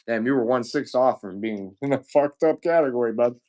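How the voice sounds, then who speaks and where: A man selling used games on a livestream, rambling casually with profane jokes and shout-outs to chat. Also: mid-range voice, a little fast. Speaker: live sale seller.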